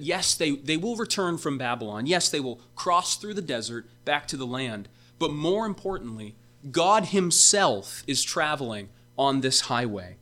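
A male pastor delivers a sermon with a bright, forceful tone. He preaches emphatically, posing rhetorical questions to his congregation. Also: a little high.

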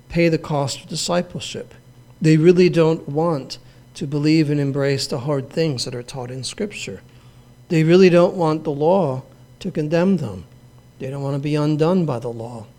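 A man delivers a sermon with a somewhat high voice. He preaches in an earnest, measured way and drives points home through repetition. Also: darkish tone. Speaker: pastor.

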